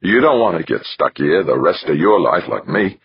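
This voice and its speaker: A grumbling aging male miner, as a man reads him, clipped and grudging in every reply. The voice is gravel-deep and husky, yet swings around a fair bit in pitch. It sits close and dry on a slightly muffled recording. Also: expressive, normal speed, dry recording, full character voice. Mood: gruff.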